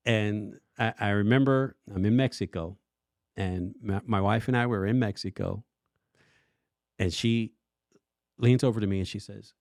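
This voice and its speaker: A man co-hosting a church podcast, telling his own story in animated casual chat and acting out his past lines. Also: on the low side, measured pace, pauses often, no echo, clean studio sound. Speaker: worship pastor and podcast co-host.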